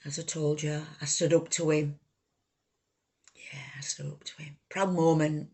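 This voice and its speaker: A woman telling her own life story, halting, raw and emotional, swearing freely. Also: sits low, level tone, dark tone, slightly rough. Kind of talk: personal life story told to camera.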